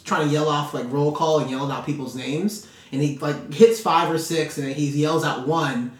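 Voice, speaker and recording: A man's voice: on the high side, fairly even intonation, moderate pace. A man co-hosting a podcast, chatting casually and rambling with many filler words. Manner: rambling, heavy use of fillers like "like". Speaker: podcast co-host. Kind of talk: casual chat. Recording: echoey room, far from mic.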